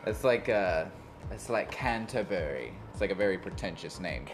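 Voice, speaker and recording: A man's voice: low voice, animated, normal speed, noisy background. A man co-hosting a podcast in casual chat, often laughing and reading movie blurbs aloud. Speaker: podcast co-host.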